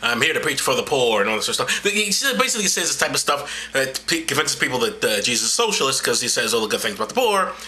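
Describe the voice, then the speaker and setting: A man's voice: mid-range voice, big pitch swings, fast, hardly any pauses, pushed and bright. A man hosting a show who retells stories in an irreverent, rambling, profane satirical style. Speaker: comedic show host.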